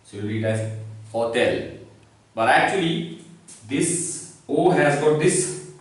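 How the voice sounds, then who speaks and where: A man's voice: medium pitch, lively intonation, slow pace. A man teaching a lesson, explaining step by step and asking his own questions before he answers them. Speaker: French teacher. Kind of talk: classroom lesson. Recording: echoey room, far from the mic.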